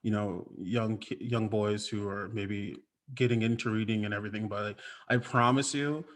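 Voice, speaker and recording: Excited guy rambling about his comic, lots of ums, video call audio. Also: on the low side, moderate pace. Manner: enthusiastic, rambling with many fillers. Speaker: comic book writer on a panel. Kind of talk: casual panel chat.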